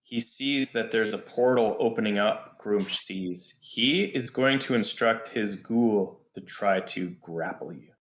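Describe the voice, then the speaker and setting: A man narrating a tabletop game as game master, slow and drawn out in his descriptions. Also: fairly low pitch, fairly bright tone, roomy sound, a little hiss or hum.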